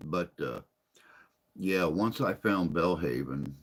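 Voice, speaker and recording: A man's voice: deep voice, expressive, a little slow, gravelly, a bit bright, breathy edge. A man chatting casually on a live stream, rambling and folksy, a little tired and unwell.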